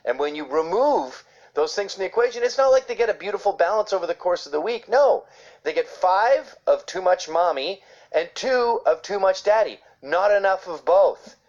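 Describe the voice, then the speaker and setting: Sarcastic, ranting dad with a lively voice. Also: male voice, fairly high pitch. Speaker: commentator. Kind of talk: comedic commentary on a read-out article. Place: New York. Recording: dull lo-fi screen recording.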